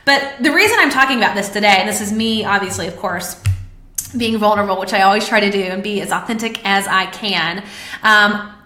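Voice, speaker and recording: A woman's voice: mid-range voice, brisk, bright, forceful tone, reverberant. A woman hosting a live-streamed talk, speaking candidly and confessionally to her viewers, with plenty of fillers. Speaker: podcast host. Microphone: webcam or phone on a live stream.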